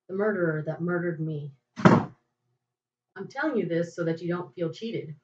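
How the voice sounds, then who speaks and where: A woman's voice: fairly low pitch, darkish tone. A woman podcast host reading a first-person detective story in a dry, wry narrating voice. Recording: echoey, distant, muffled home recording.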